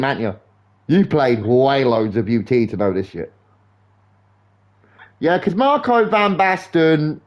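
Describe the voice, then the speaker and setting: A young man streaming a game live, rambling in sweary, animated football banter. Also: medium pitch. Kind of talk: casual chat while gaming live.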